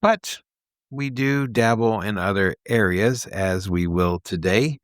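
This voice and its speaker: A nasal man with a Mid-Atlantic accent and a twangy Texas edge, whose voice has gone quieter since his surgery. He speaks low and easy in casual podcast talk, laughing now and then. The sound is close and dry, with no room around it. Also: dry recording. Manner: laughs often, unhurried and reflective. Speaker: podcast host. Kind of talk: casual chat.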